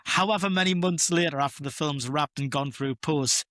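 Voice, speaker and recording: A man's voice: fairly high pitch, normal speed, a bit bright, no echo, studio quality. A man co-hosting a casual film podcast, talking in a chatty, rambling way with restarts. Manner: chatty, rambling, laughs at own jokes. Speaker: podcast co-host.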